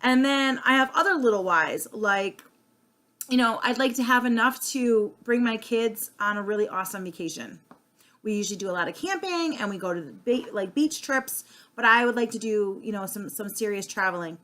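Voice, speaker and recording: A woman in her thirties speaks in an unscripted, casual monologue. Her voice sits slightly high for a woman. She is earnest and chatty, full of "um" and "like", often restarting her sentences. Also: animated, normal speed, bright, forceful tone. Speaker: sales consultant vlogger.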